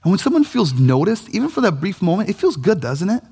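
Animated man preaching. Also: high-pitched, fast, husky. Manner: animated, conversational, jokey asides. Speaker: pastor. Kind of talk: sermon.

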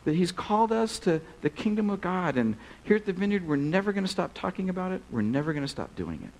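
A man's voice: sits high, fast, low-quality recording. A male pastor giving a casual, storytelling sermon in a crowded church service. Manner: casual, animated, many "like"s.

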